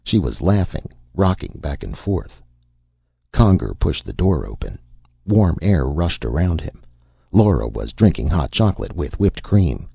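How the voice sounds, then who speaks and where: A man narrating a short story as an audio drama reading, with a steady storytelling manner. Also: a bass voice, measured pace, gravelly, husky, no echo, highs cut off.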